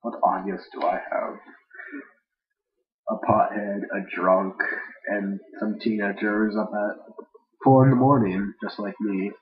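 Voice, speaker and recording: A man's voice: on the low side, fairly even intonation, a little slow, pauses often. A man casually reading a fan-fiction story aloud without edits, rambling with jokey asides and stumbling over words, on a dull lo-fi home mic.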